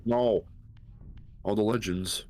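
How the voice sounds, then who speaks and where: A man's voice: lowish voice, steady tone, slow pace, mellow. A male streamer in casual chat who thinks aloud, rambles and swears freely.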